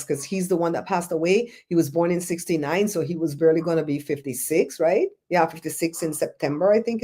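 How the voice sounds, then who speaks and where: A Belizean woman hosting a livestream, chatting in a rambling, animated way and answering viewers' comments. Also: lowish voice. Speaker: show host. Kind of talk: casual livestream chat, reading comments.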